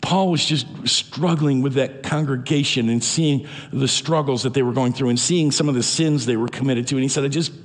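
A man's voice: medium pitch, in a large hall. A man preaching a sermon as pastor, earnest and emphatic, often restarting his phrases.

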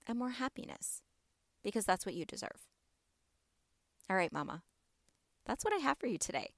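A woman's voice: mid-range voice, animated, moderate pace, pauses often, no echo, studio quality. A woman hosting a wellness podcast, speaking encouragingly and directly to her listeners. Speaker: podcast host.

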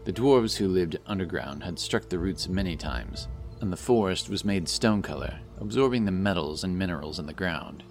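A man narrating a fantasy novel in a steady storytelling manner, over background music. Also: sits low, moderate pace. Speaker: audiobook narrator.

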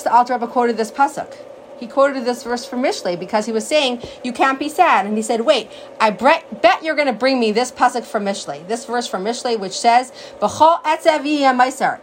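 Animated woman teaching a sacred text. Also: on the high side, a little hiss or hum, rough recording. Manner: animated storyteller, acts out quotes. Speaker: Torah teacher.

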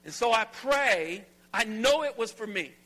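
A middle-aged pastor from Alabama preaching a sermon in a large church, folksy and conversational, rising to emphatic preaching. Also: male voice, sits high, lively intonation, measured pace, sharp tone. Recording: long hall reverb.

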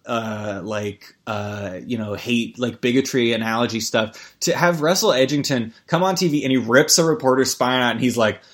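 A man hosting a podcast in a rambling, stammering comic rant full of swearing and restarts. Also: medium pitch. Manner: rambling, stammering, profane, jumps to mock ad reads. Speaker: podcast host. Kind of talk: rambling comedic podcast chat.

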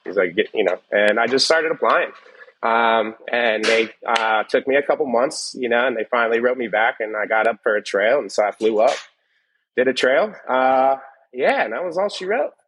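A man's voice: mid-range voice, lively intonation, moderate pace, a bit bright, a little hiss or hum, low-quality recording. A man, a chef, telling his story in an interview, rambling with many fillers and quoted dialogue. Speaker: chef, guest.

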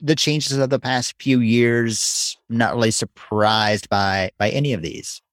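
A man with a mid-pitched voice co-hosts a relaxed chat and counts down a list. His humor is dry and sarcastic. The sound is close and dead, with no echo. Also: measured pace. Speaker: co-host. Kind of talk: casual chat.

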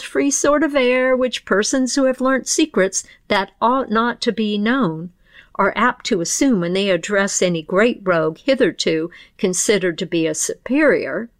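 A woman storyteller with a mid-pitched voice who tells an old folk tale in a measured, old-fashioned way. Her narration is recorded close and dry. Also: no echo. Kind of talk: storytelling narration, then reflective commentary.

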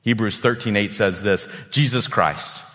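A male pastor preaching a sermon with animated delivery, often repeating words as he builds his points. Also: lowish voice, a little slow, long reverb tail.

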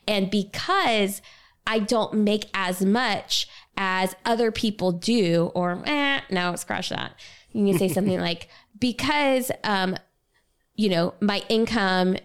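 A woman's voice: mid-range voice, smooth. Frank, laughing woman co-host. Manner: frank, laughs easily, acts out sample dialogue. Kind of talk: casual livestream chat.

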